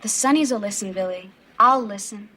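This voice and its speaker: Blissful cult follower. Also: female voice, mid-range voice, brisk. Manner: blissful, soft-spoken. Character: dreamy young female cult follower.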